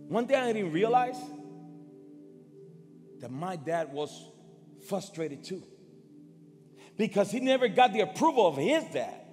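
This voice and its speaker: High-voiced man preaching in a hall. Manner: emotional, halting, repeats words, swings loud and soft. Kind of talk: sermon with personal story. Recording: long hall reverb, faint music.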